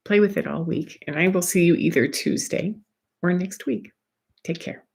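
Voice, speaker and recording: Woman, spiritual guide, soft meandering monologue, recorded at home; gentle and unhurried. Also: fairly low pitch, gravelly, husky. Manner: soft, meandering, with light laughs and asides.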